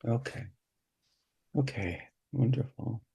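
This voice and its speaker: Slow, gravelly man, dark and husky, a gentle therapist demoing a session, full of restarts. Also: mid-range voice. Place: symposium hall, hybrid session.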